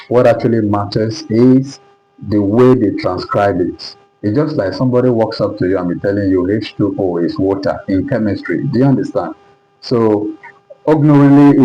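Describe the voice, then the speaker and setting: Male teacher, Nigerian English accent, low mellow voice, lo-fi recording, patient and repetitive classroom explaining. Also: a little hiss or hum. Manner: repetitive, keeps checking understanding. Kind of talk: classroom lesson at a board.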